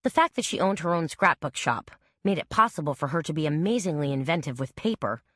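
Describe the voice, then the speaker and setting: A woman reads a mystery audiobook in an even, measured way. Her voice is low and the sound is dry and close, with no room around it. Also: no echo. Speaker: narrator. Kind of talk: audiobook narration.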